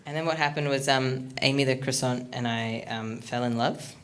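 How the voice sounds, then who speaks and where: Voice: mid-range voice, moderate pace, noisy background. Rambling awkward stand-up comic. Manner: rambling, awkward, self-deprecating with many ums. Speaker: stand-up comedian. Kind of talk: stand-up comedy set. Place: comedy studio stage.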